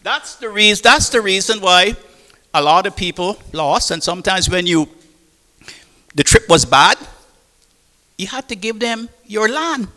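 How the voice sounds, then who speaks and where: A man's voice: sits high, expressive, a little slow, pauses often, sharp tone. An older man with a Caymanian accent, a former seafarer telling stories to an audience, rambling and repeating words as he goes. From Cayman Islands. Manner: rambling, repeats words and restarts, acts out quotes. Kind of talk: storytelling talk. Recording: reverberant hall.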